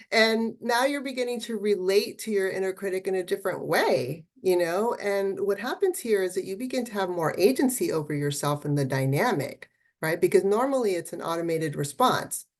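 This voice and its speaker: A woman art therapist giving a festival talk, encouraging and conversational, often checking in with "right?". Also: fairly low pitch.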